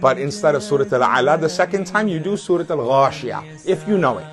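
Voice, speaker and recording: A man teaching step by step how to pray a prayer at home, calling out the takbirs loud and drawn out. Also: fairly high pitch, expressive, a little fast, music in the background. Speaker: religious teacher. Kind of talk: instructional talk.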